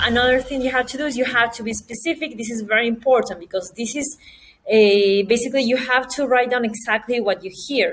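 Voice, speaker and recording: Woman giving a quick test-prep lecture. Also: medium pitch, poor audio. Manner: talks fast with restarts, steady explaining tone. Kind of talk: lecture presentation.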